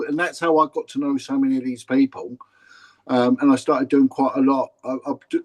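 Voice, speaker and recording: A man's voice: medium pitch, darkish tone, poor audio. Chatty London man telling stories. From England. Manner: chatty, repeats words and restarts, blunt. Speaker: interview guest, former police officer. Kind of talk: casual storytelling interview.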